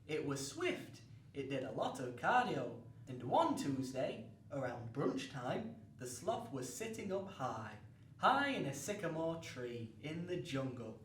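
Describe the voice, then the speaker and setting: A man's voice: a little high, big pitch swings, unhurried, fairly bright tone. A man hosting a comic children's story show, narrating in a cheery, exaggerated storybook way. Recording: roomy, distant mic with faint noise.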